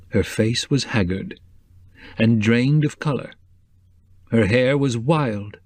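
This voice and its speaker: A man reading a cozy mystery aloud in a measured, even voice. His pitch sits in the middle, and the recording is dry and close, with no room sound. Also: dry recording. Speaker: audiobook narrator. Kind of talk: scripted narration.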